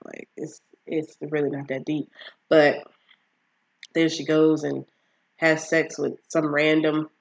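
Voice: mid-range voice, a little slow, pauses often, muffled recording. A vlogger casually recapping a TV series, rambling with lots of fillers and acting out the characters' lines.

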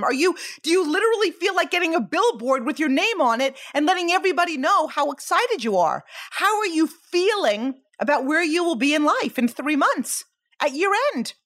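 High-voiced upbeat woman giving a pep talk. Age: 40s. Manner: energetic, emphatic, peppered with "okay?" and "right?" and rhetorical questions. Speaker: podcast host. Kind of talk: motivational podcast monologue.

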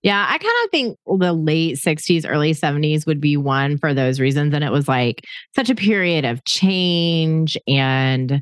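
A woman in her forties hosts a podcast, chatting playfully with her sister and laughing often in a casual back-and-forth. Her low voice moves at a moderate pace with few pauses, recorded clean in a studio with no echo.

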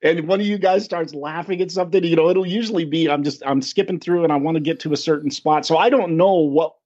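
A man's voice: a little high, quick pace, a little mellow, dull audio. A man co-hosting a podcast in casual chat, laughing often and telling stories with animation. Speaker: podcast co-host.

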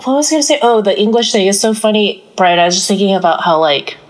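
A woman's voice: medium pitch, lively intonation, fast talker, poor audio. A woman talking as a guest on a casual podcast, chatty and leaning on "like" as filler. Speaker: executive director of an arts organization, guest.

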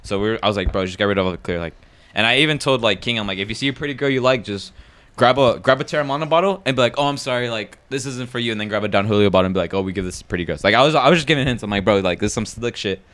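A man's voice: fairly low pitch, rapid-fire, a bit bright. A man, co-hosting a podcast in casual chat and rambling through party stories with heavy swearing and slang. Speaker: podcast co-host.

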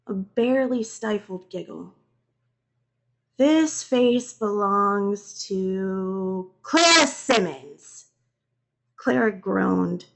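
A woman reading a first-person horror story in a slow, deliberate, suspenseful manner. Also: medium pitch. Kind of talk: scripted horror narration.

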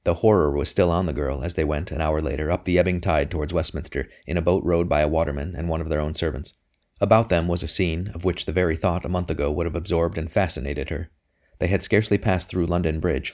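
Very deep-voiced male audiobook narrator. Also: a little mellow. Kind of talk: scripted narration.

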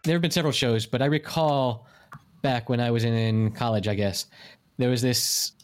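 A man's voice: medium pitch, steady tone, normal speed, faint music behind. A man in his forties, hosting a casual podcast chat and rambling with many restarts.

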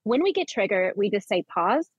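A woman of middle pitch speaking as a guest on a podcast, earnest and spiritual in tone. She restarts and repeats words as she thinks aloud. The recording is dull and lo-fi, with a dry sound and almost no room echo. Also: moderate pace. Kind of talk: conversational interview.

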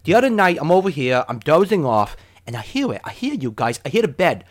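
A man's voice: on the high side, very animated, fairly quick. A man doing a blunt young roommate. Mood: exasperated.

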